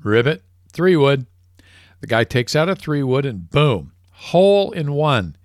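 A male radio host spinning a joke with a lively, swooping delivery in a mid-range voice. The sound is close and dry. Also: on the high side, a little slow, dry recording.

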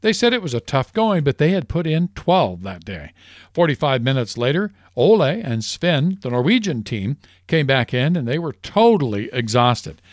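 A man's voice: medium pitch, normal speed, no echo. Radio guy reading ads and telling corny jokes, voice bounces up and down, dry studio sound. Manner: lively storyteller, chuckles at his own punchlines. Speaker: radio show co-host. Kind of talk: folksy radio joke telling and ad reads.

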